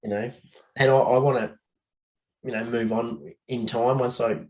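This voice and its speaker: An Australian man speaking candidly as a guest on a casual podcast, blokey and quick to laugh, swearing now and then. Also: medium pitch, lively intonation, poor audio.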